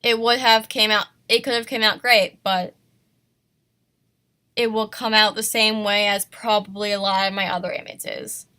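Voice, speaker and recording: A woman's voice: mid-range voice, steady tone, normal speed, pushed and bright. A woman who is sick, teaching an art lesson in a casual, self-conscious way and apologizing for herself. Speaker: art tutorial host.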